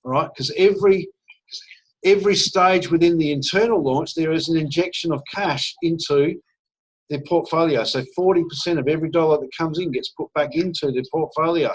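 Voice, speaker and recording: A man giving an energetic, persuasive sales pitch on a video call, often checking in with "all right?". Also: brisk, breathy edge. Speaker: network marketing presenter. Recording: dull lo-fi call audio.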